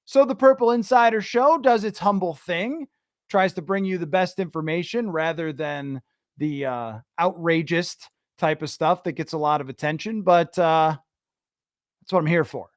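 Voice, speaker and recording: A man's voice: fairly high pitch, normal speed, no echo, studio quality. A man hosting a sports podcast, chatting casually, answering listener questions and thinking aloud. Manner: conversational, thinks aloud with restarts. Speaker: podcast host.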